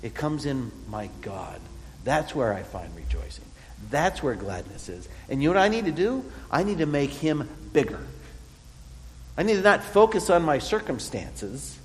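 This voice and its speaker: A man preaching a sermon, earnest and expressive, often speaking in the voice of the psalmist. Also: a little high, moderate pace, in a large hall, rough recording.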